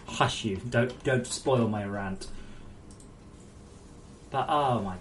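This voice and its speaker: A woman's voice: rumbling low, slight background noise. A woman game developer on a casual live stream, reading viewer messages aloud and ranting with lots of swearing. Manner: profane, ranting, quick to anger.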